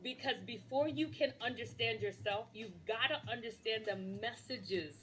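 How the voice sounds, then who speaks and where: A woman's voice: a little high, normal speed, fairly bright tone. A woman pastor giving an earnest, teaching-style talk as a guest. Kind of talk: recorded talk.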